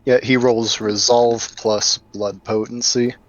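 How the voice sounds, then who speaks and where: A man plays in a tabletop game, talking slowly and casually as he works out his moves. His voice sits at an average pitch. The recording is a little dull and lo-fi. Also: level tone, slight background noise. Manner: easygoing, thinking aloud. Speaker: player. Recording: slightly muffled lo-fi audio.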